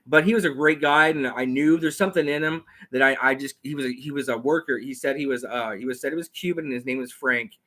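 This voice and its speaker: A man hosting a casual talk show, rambling and repeating himself as he talks fast. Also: mid-range voice, sharp tone. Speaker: host. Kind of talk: casual chat.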